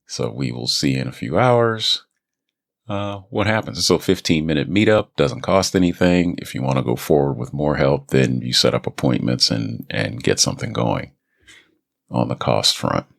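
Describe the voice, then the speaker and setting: A man with an extremely deep, gravelly voice chats loosely on his own podcast. He rambles and restarts his sentences in a relaxed way. He is recorded dry and close on a studio mic in a home booth. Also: moderate pace, no room sound. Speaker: voice actor and podcast host. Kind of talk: casual solo podcast chat. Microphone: studio microphone.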